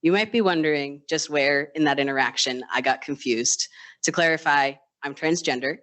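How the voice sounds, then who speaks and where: A nurse tells a personal story to a live audience with a bright, crisp voice. The delivery is casual and conversational, with wry self-deprecating humor. Now and then the speaker slips into the voices of coworkers and patients. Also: mid-range voice, moderate pace. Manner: acts out quoted voices of others. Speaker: ICU nurse. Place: live storytelling stage event.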